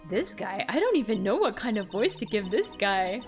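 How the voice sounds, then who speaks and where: Giggly, animated young woman streaming. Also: medium pitch, moderate pace, faint music behind. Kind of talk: live game stream commentary.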